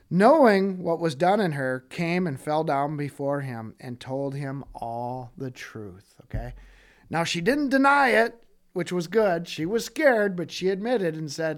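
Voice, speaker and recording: A man teaching from the Bible in a casual, talky way, with a fairly high voice. His pitch swings widely as he reads scripture and plays out the people in it, and he keeps checking in with his listeners. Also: unhurried. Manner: animated, acts out quoted voices, frequent "okay?" check-ins. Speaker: preacher.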